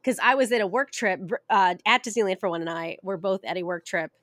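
A woman's voice: mid-range voice, quick pace, fairly bright tone. A woman co-hosting a podcast in casual chat, bubbly and laughing often. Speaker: podcast co-host.

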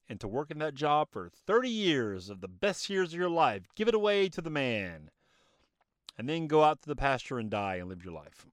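A man's voice: medium pitch, fairly bright tone, dry recording, studio quality. A man hosting a motivational podcast, recorded on a phone in his car, speaking in an emphatic, preachy way with a slightly choked-up throat. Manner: preachy, emphatic, asks himself rhetorical questions. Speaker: podcast host. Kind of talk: motivational monologue.

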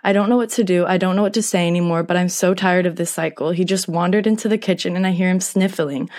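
Young woman, reading a post aloud, steady and even, slightly low voice. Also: fast. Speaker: co-host reading posts aloud.

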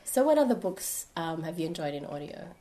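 A woman's voice: sits low, big pitch swings, brisk, mellow. A woman interviewing a guest, asking short questions and offering brief encouraging replies. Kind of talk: casual interview chat.

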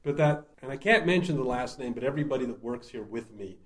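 A man's voice: medium pitch, lively intonation, fast. A man who writes and performs murder-mystery shows, telling stories casually in an interview; he laughs often and restarts his sentences.

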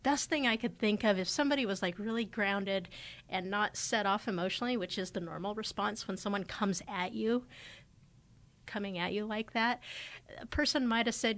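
A woman's voice: medium pitch, moderate pace, fairly bright tone. A woman in her forties hosting a podcast, talking in a casual, thoughtful way. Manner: conversational and thoughtful, often acting out quoted remarks. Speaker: podcast host. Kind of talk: casual reflective podcast talk.

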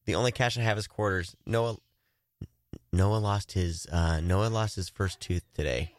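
A man's voice: lowish voice, measured pace, dry recording, clean studio sound. A man hosting a casual horror-movie podcast, rambling with restarts and frequent laughs. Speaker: podcast host. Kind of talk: casual chat.

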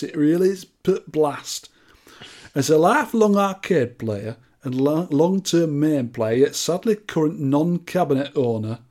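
A man's voice: fairly high pitch, dark tone. A man voicing an elderly Yorkshire pensioner in his eighties, reading out a fan letter in a drawling, folksy way. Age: 80s.

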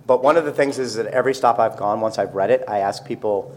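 A man's voice: on the low side, darkish tone, a little hiss or hum. A man speaking as an author at a public reading, chatting casually and joking at his own expense before reading. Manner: self-deprecating, joking, quick asides. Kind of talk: casual talk to a live audience.

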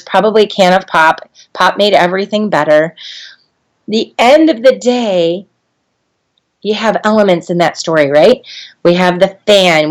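A middle-aged woman trainer giving a talk on storytelling, conversational with frequent ums and getting animated as she tells a childhood story. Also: medium pitch. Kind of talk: instructional talk with personal story.

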